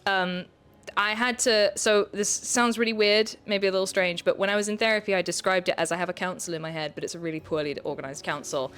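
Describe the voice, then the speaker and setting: A woman guest speaking openly in a casual interview, animated, laughing often and swearing freely. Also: medium pitch, fast talker, clean tone. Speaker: guest, content creator. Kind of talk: candid interview chat.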